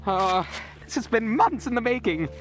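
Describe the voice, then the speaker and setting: A man's voice: sing-song, moderate pace. A young man vlogging in the snowy woods at night into his phone, rambling in a mock-dramatic way. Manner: rambling, mock-dramatic, wildly swinging pitch. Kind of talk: comedic outdoor vlog. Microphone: phone camera.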